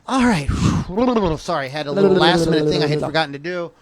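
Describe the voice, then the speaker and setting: A man's voice: fairly high pitch, expressive, fairly quick, over a noisy crowd. A man hosting a rock podcast livestream in casual chat, joking and rambling and stopping to correct himself, in a home studio. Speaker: podcast host. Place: home studio with a fan running.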